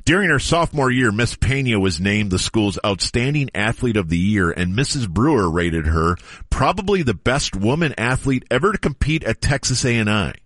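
A middle-aged man hosts a casual radio show, reading an old news story aloud with playful drama. His medium-pitched voice is a bit bright, with lively intonation and a moderate pace, captured in studio quality with no echo.

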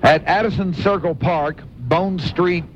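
A man co-hosting a radio show, reading concert listings between jokes from the others. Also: unhurried. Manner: reads listings, laughs between items. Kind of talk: casual radio banter. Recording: muffled radio recording with faint rumble.

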